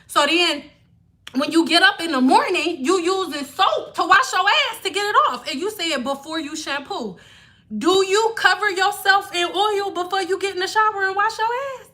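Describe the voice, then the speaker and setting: A woman's voice: sits high, pushed and bright. A young woman hair stylist ranting on a live stream, blunt, sarcastic and profane. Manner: mocking impressions of viewers.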